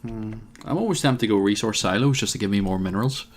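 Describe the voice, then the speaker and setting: Speaking quickly and with a fairly low pitch, this let's-play host narrates his strategy game as he goes. His commentary is full of hesitations and dry little remarks.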